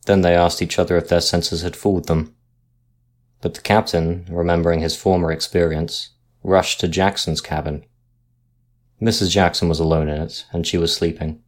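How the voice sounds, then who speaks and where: A man reading a sea ghost story aloud in a measured, dramatic narration style. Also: sits low, fairly even intonation.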